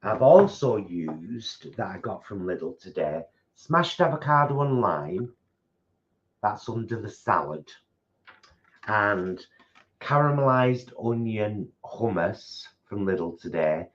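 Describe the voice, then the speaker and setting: A man's voice: on the low side, big pitch swings, slow, dull audio. A man co-hosting a casual live food chat from his home kitchen, rambling and restarting his sentences. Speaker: co-host of a vegan food channel.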